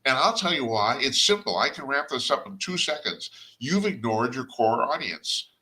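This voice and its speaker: A man's voice: mid-range voice, very animated, normal speed, sharp tone. An older man hosting a talk radio show, giving a blunt, rambling opinion monologue with chuckles and restarts.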